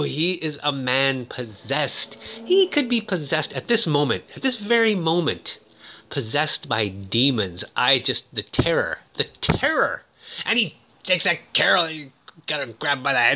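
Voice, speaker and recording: Man, casual movie recap, lively up-and-down pitch, jokey asides. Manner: joking, animated asides with frequent "ooh". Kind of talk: casual commentary.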